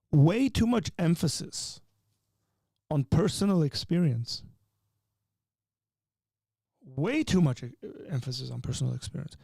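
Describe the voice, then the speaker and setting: A man hosting a live call-in stream. His voice is mellow and gravelly, and it sounds dry and close. He teaches and jokes in an animated way, pushing hard on the points he stresses. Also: on the high side, dry recording. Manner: animated and joking, teaching with rising emphasis. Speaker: livestream host. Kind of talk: live call-in show chat.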